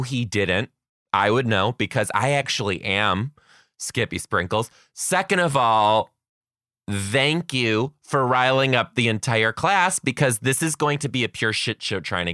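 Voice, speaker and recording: A young adult man, a teacher, telling comic stories about his class in a sarcastic, animated way, acting out the kids. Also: medium pitch, dry recording, studio quality. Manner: animated, sarcastic, acts out kids' voices. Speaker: kindergarten teacher. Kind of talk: comedic storytelling.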